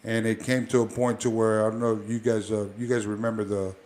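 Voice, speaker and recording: A man's voice: fairly low pitch, level tone, a little fast, a little mellow. A man, a former pro wrestler, telling stories as a guest in a casual interview, rambling with many fillers and restarts.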